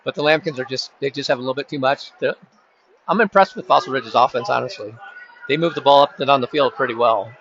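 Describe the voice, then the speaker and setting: A man doing casual play-by-play for a high school football game at the stadium, chatty and rambling, with joking asides to friends. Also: fast talker, fairly bright tone. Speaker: play-by-play announcer. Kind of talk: casual local sports commentary. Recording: dull lo-fi sound with faint crowd ambience.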